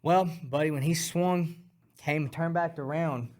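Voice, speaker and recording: Excitable man telling a profane story. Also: a little high, unhurried. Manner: profane, excitable, acts out punches with sound words. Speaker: guest fighter. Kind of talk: animated storytelling.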